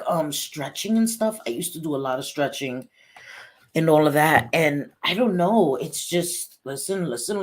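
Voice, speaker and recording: Low-pitched and darkish, this middle-aged woman's voice carries a laid-back livestream. She talks bluntly, curses without restraint, and calls out viewers by name.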